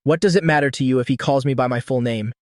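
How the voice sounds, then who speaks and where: A man's voice: medium pitch, fast, darkish tone, dry recording, clean studio sound, lightly acted. A man voicing a cold, domineering young woman president who speaks in a cool, indulgent, teasing way, in an audiobook reading.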